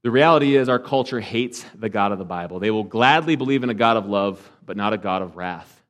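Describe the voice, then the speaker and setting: A pastor delivering a sermon, asking the congregation rhetorical questions and dropping to a hush for emphasis. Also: male voice, fairly low pitch, a little fast. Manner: swings between emphatic and hushed delivery.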